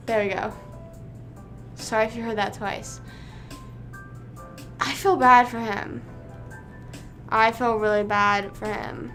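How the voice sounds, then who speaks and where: A young woman with a fairly high, bright voice rambles through a casual livestream chat, leaning on "like" at every turn. Faint music plays behind her at her home streaming setup. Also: steady tone, measured pace, pauses often. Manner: rambling, chatty, full of "like" fillers.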